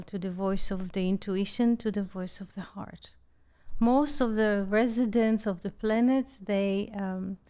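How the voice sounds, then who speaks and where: Woman teaching slowly on a video call, checks in with "yes?" a lot. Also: mid-range voice, mellow. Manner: unhurried, often checks in with "yes?". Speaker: spiritual teacher hosting an online group call.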